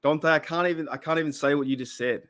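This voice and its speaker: A man's voice: a little high, quick pace, fairly bright tone. A man hosting a casual live stream, chatting and reacting to viewer comments, often repeating himself and exclaiming. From Australia. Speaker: podcast host reading live chat.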